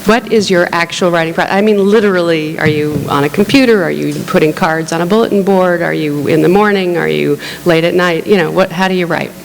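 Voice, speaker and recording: A woman moderates a writers' panel, asking questions inquisitively. Her voice is lowish with a gravelly fry, carried in a reverberant hall over a faint hum. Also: fairly quick, hardly any pauses. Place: large hall on stage.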